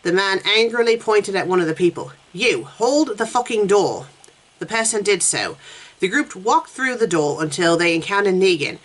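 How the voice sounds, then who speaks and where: A woman's voice: mid-range voice, lively intonation, a little fast, a bit bright, rough recording. A woman reading fanfiction aloud in her normal voice, with no character voices. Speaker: fanfiction reviewer.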